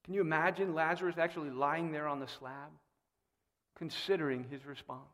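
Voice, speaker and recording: A man preaching a sermon in a church, animated and fond of rhetorical questions. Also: on the high side, brisk. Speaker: pastor. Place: church sanctuary. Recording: long reverb in a church hall.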